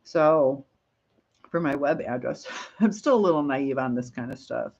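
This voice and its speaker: A woman's voice: a bass voice, expressive, measured pace, darkish tone. Lady doing a casual livestream, rambly, laughs a lot, kinda dull lo-fi sound. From Michigan, USA. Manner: rambling, reads viewer comments aloud, laughs often. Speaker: livestream host. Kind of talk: casual live chat.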